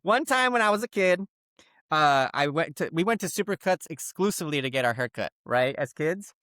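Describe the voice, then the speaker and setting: A man co-hosting a comedy podcast, telling a long story in an animated, rambling, profane way. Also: a little high, brisk, no room sound, clean studio sound. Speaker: podcast co-host.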